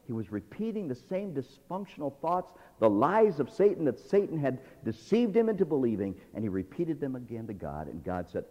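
A male pastor preaching a sermon, swinging between hushed and loud, dramatic delivery. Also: mid-range voice, very animated, a little fast, few pauses, in a large hall, lo-fi sound.

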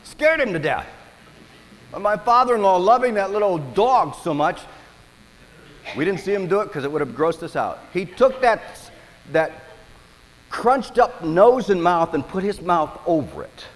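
In a hall with long reverb, a higher-voiced male pastor tells stories through his sermon. His preaching is animated and punctuated by dramatic pauses.

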